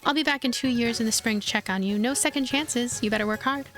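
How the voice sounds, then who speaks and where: A woman voicing a stern, commanding royal guard captain in a game, speaking slowly and formally. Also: fairly high pitch, a bit bright, soft background music.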